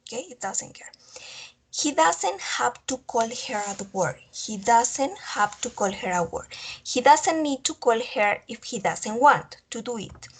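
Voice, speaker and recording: A woman teaching English grammar online speaks in a high, husky voice, a little slowly and with lively intonation. Her first language is Spanish. She repeats every example and checks in with "okay?".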